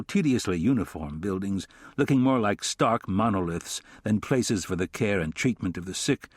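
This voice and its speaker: A man giving a measured, descriptive audiobook narration. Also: fairly low pitch, no room sound, studio quality. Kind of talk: scripted narration.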